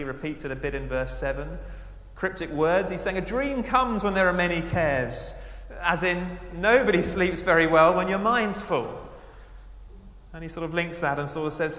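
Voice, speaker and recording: Male preacher, fairly high voice, expressive sermon delivery, long church-hall reverb. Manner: expressive, swinging between raised emphasis and hushed asides.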